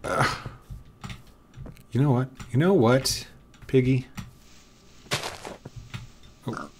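In a block-building game, a male gaming video creator gives casual commentary and keeps coaxing an animal along with frustrated, repeated commands. His mid-range voice is creaky and extremely slow, with slight background noise behind it.

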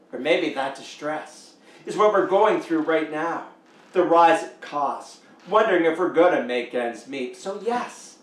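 A Canadian man preaching a sermon as pastor, slow and emphatic, with rising pitch on key words. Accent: Canadian English. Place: church sanctuary. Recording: echoey church room, mic at a distance.

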